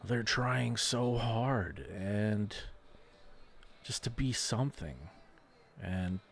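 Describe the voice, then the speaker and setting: A man hosting a solo podcast, rambling and swearing freely as he rants in frustration and asks himself questions. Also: fairly low pitch. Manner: rambling, profane, frustrated ranting with self-questions; quotes imagined people in a raised voice. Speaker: podcast host. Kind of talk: casual solo podcast monologue.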